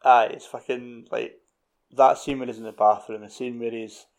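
Relaxed Scottish man, casual chat. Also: mid-range voice, normal speed. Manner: relaxed, agrees with short interjections, swears casually.

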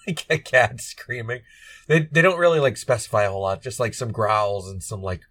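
A man's voice: mid-range voice, normal speed, fairly bright tone. A man co-hosting a podcast, chatting casually and rambling with many fillers and laughs. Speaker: podcast co-host. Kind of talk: casual chat.

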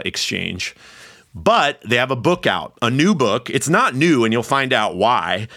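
Gravelly, earnest male podcast host. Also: lowish voice, fairly bright tone, no echo, studio quality. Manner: earnest and openly emotional, laughing often. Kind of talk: heartfelt solo podcast introduction.

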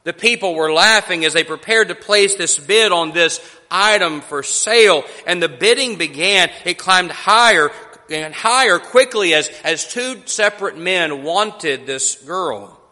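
A man preaching a sermon, telling a story in a slow, deliberate way with emphatic pauses. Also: sits high, expressive, pushed and bright, big-room sound.

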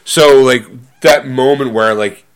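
Here a man co-hosts a podcast at a measured pace, his mid-range voice clean in tone. The chat is casual and rambling, full of fillers, with frequent bursts of laughter.

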